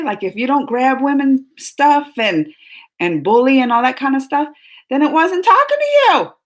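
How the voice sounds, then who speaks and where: A woman with a somewhat high voice holds a casual discussion show with the people in the room. She talks in an animated, emphatic and rambling way. Her sentences often restart before they finish. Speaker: reaction show host.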